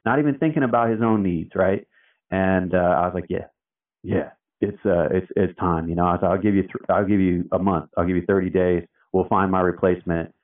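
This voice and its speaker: A man's voice: low-pitched, steady tone, a little fast. A man telling his story as an interview guest in a loose, chatty way, full of fillers, acting out what people said. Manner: loose and chatty, filler-heavy, acts out quotes. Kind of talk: casual storytelling. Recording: tinny phone-like sound, distant from the mic.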